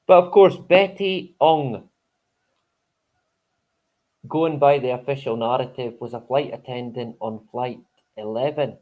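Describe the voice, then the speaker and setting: Man, live-stream host, casual chat, rambling, swears a lot, chuckles, medium pitch. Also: measured pace, long pauses, narrow, tinny audio.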